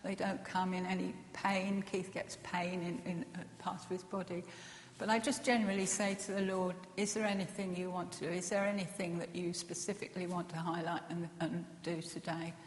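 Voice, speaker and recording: A woman's voice: lowish voice, level tone, moderate pace, slight background noise. Earnest woman in an echoey hall. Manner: gentle and earnest, with soft laughs and many fillers. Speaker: speaker sharing a personal testimony. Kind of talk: personal testimony talk. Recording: echoey hall with long reverb.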